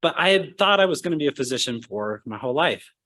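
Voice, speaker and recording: Animated young man telling a funny story. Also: a little high, quick pace. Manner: animated, acts out voices in his anecdotes. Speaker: speaker at a medical school ceremony. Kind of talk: humorous storytelling speech.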